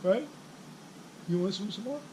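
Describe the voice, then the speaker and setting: A man's voice: high voice, lively intonation, normal speed. A man giving a live swimming lesson to his young child in a pool, cheering, counting and calling out playful coaching cues in a sing-song way. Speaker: swim instructor and parent. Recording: loud splashing water noise.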